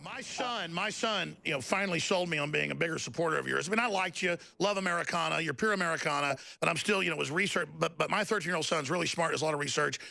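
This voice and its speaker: A man talking in an impassioned, ranting way, swinging up into shouts. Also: a little high, fast talker, gravelly, hardly any pauses. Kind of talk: emotional on-air rant.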